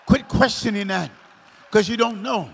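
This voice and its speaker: High gravelly preacher man, shouting sermon. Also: normal speed. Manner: sing-song preaching cadence that builds into shouts. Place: large church hall. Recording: long hall reverb.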